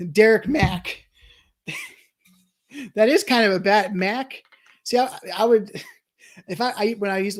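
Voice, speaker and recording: A young adult streamer in casual let's-play commentary, thinking aloud and chuckling, with frequent restarts while reading chat. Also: medium pitch. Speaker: streamer playing a wrestling management game.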